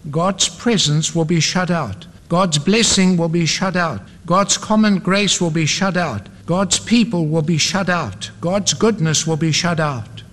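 A man's voice: on the high side, a little slow, hardly any pauses, a bit bright. A man preaching a sermon, building up his points with dramatic repeated refrains. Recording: long hall reverb.

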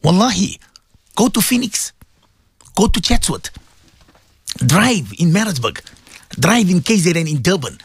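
A man's voice: high-pitched, very animated, normal speed, pauses often, husky, dry recording. A South African man presenting a religious radio show, preaching fervently to his listeners and repeating his points. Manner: fervent, repetitive, exhorting. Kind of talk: impassioned radio sermon.

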